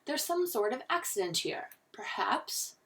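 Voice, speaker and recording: A woman doing a grand, gushing soap star who puts on a fake English accent, her voice pitched high and showy. She sounds a little back from the mic, as in a storybook read aloud. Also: big pitch swings, a little slow, a bit bright, recorded from a distance, exaggerated voice. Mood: gracious. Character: glamorous female soap opera star, theatrical.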